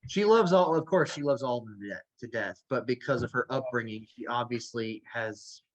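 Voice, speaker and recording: Male co-host, average pitch, loose talkative delivery that leans on filler words. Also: brisk, dull audio. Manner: talkative, laughs easily, many "like"s. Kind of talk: casual chat.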